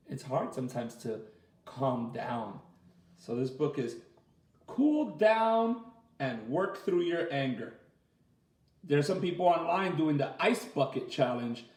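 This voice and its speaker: A man, a martial arts instructor, reading a picture book aloud to children in a gentle, expressive way and asking them questions as he goes. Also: fairly high pitch. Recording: echoey room, far from the mic.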